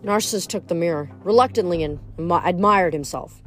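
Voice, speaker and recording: A woman's voice: on the low side, fast, soft background music. Woman reading a novel aloud. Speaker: audiobook reader.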